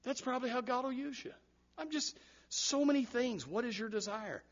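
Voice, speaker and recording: Brief: male pastor, high voice, lively sermon delivery with loud bursts, dull lo-fi church recording. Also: moderate pace. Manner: animated preaching with repeated words and sudden loud rises.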